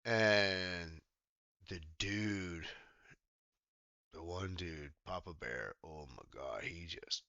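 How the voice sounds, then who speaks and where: Man, streamer, low-pitched, rambling chat, lo-fi dry close mic. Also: very slow, long pauses, no room sound. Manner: meandering, self-interrupting, with sudden loud exclamations. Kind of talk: rambling casual chat while gaming.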